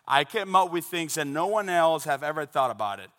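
A man from the Dominican Republic with a Dominican Spanish accent, a native Spanish speaker, preaching a sermon with animated storytelling in a church. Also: fairly high pitch, brisk. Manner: animated storytelling with shouted imitations. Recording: long reverb of a large hall.

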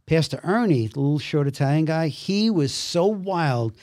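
A man from Brooklyn, a podcast guest telling a story in a lively way and acting out the other people's voices. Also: a little high, moderate pace, dry recording, studio quality. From Brooklyn, New York. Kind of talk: storytelling conversation.

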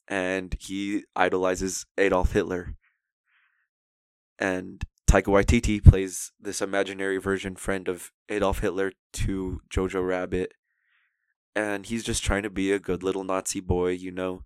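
A man's voice: low voice, completely flat delivery, unhurried, clean tone, no echo. A young man casually chatting about movies on a podcast, enthusiastic and rambling. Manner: enthusiastic, rambling, quotes scenes in put-on voices. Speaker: podcast co-host.

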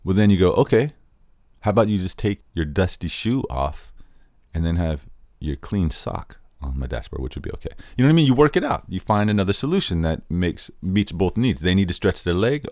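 Male podcast host, very low voice, dry close sound, easygoing explainer. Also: darkish tone, dry recording. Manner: conversational, acts out quoted examples. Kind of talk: casual explanatory talk.

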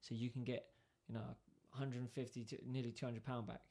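A man tells a long story in relaxed conversation. His voice sits at a middle pitch. He acts out the exchanges with lively back-and-forth dialogue. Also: fairly quick, breathy edge. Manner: animated, acts out both sides of dialogue. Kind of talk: casual storytelling.

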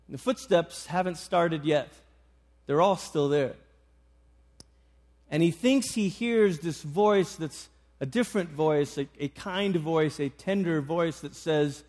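A man's voice: a little high, unhurried. A man preaching a sermon, retelling a story with frequent restarts.

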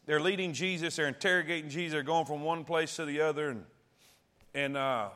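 A man's voice: fairly high pitch, a little fast, pushed and bright. A man preaching a sermon as pastor, calling out to the congregation and repeating key phrases.

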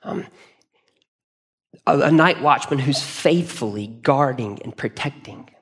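A man's voice: medium pitch, expressive, slow pace. A man preaching a sermon in a church, speaking earnestly in a conversational way and often restarting his phrases. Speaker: pastor. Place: church hall.

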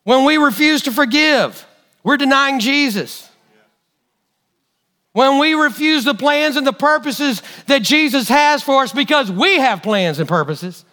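Brief: male preacher, high and bright voice, lively delivery, animated storytelling sermon. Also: a little slow. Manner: animated storytelling, acting out quotes.

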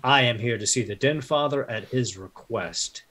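A man's voice: medium pitch, normal speed, sharp tone. A man voicing a stern male knight-priest who speaks formally and commandingly. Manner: formal, declamatory speech.

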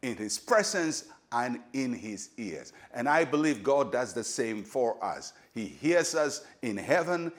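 An older man with a Ghanaian accent, a pastor giving a short devotional sermon in a measured, emphatic way that slows for key lines. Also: medium pitch.

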